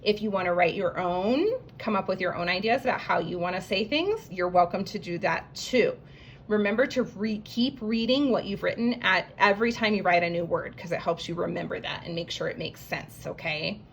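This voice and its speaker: A woman teaching a writing lesson to young children, slowly sounding out each word letter by letter. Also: lowish voice, a little hiss or hum. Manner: slow, stretched phonics sounding-out. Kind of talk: early-grade writing lesson, sounding out words.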